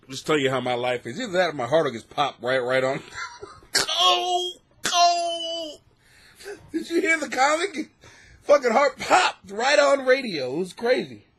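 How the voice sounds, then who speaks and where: A high-voiced man with a husky, slightly breathy tone rambles through a comic monologue for his podcast. He swings his pitch all over, swearing freely and cracking himself up between bits. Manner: animated, profane, laughs at his own jokes, acts out bits in a shrill voice. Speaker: comedian podcast host. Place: home basement.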